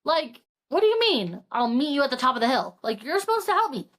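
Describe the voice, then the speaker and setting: A woman's voice: high voice, steady tone, moderate pace, lightly acted. A woman voicing a dramatic, fed-up young woman while retelling a story. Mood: indignant.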